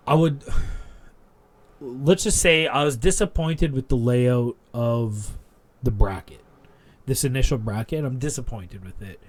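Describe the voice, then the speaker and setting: A man co-hosting a casual wrestling podcast, rambling and animated as he retells a segment, full of restarts. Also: mid-range voice. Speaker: podcast co-host.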